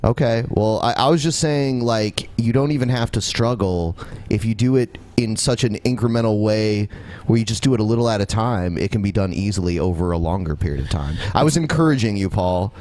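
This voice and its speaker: Measured man hosting a podcast. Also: lowish voice, darkish tone, no echo. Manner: measured, insistent, explaining himself. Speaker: podcast host. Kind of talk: live podcast argument.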